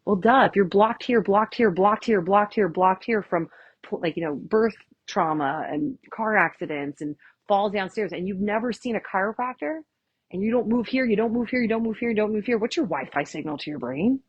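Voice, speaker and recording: Chatty, husky woman chiropractor. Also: medium pitch, normal speed, dry recording, dull audio. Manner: chatty, tags lines with "right?", acts out quotes. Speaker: chiropractor giving a workshop talk. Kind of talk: casual, enthusiastic presentation.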